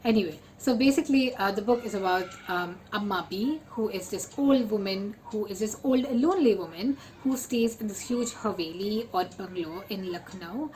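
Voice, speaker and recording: Young woman rambling about books, lots of um and like, gets excited fast, middle pitch. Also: a little hiss or hum, low-quality recording. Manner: chatty, lots of fillers and repeats; bursts into excited exclamations. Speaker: book vlogger. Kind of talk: casual chat.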